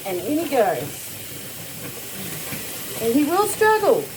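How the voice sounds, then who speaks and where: Chatty high-voiced woman outdoors. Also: slow pace, noisy background. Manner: chatty, talks to her dog in a very high excited voice. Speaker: vlogger showing how to bathe a dog. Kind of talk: casual how-to narration.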